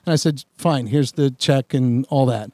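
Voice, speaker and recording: A man's voice: medium pitch, normal speed, dry recording. Rambling storyteller man, dry close mic. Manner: rambling, animated storytelling with many restarts. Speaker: podcast host. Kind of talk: casual storytelling chat.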